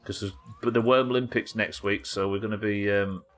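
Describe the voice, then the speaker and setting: A man's voice: lowish voice, steady tone, brisk, fairly bright tone. A man hosting a live gaming stream, chatting casually and swearing freely as he jokes with his chat. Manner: chatty and profane, joking with chat. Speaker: gaming livestream host.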